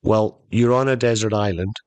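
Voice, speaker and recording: A man's voice: on the low side, moderate pace, a little mellow, no room sound, lightly acted. A man voicing a laid-back, chummy male genie who talks casually in a comedy story. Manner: casual, calls him "buddy" and "sport".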